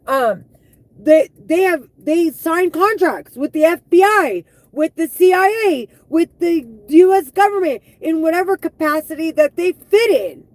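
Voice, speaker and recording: A woman live streaming an angry, profane monologue, heated and full of halting restarts. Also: very high-pitched, animated, darkish tone, dry recording, rough recording.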